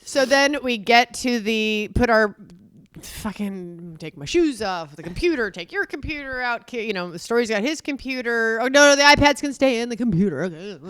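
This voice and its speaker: Woman, forties, bright voice, higher pitch, dry close sound, lively storytelling, swears. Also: moderate pace, clean tone, no echo. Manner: expressive, acts out quotes, swears freely. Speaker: podcast co-host. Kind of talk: animated storytelling chat.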